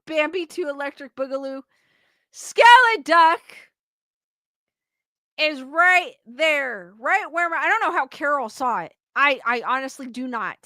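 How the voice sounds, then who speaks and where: A woman's voice: high-pitched, expressive, normal speed, hardly any pauses, pushed and bright, dry recording, clean studio sound. A young woman hosting a casual livestream, chatting and giggling as she reads out viewers' comments. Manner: chatty, giggly, quotes chat names aloud. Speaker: livestream host.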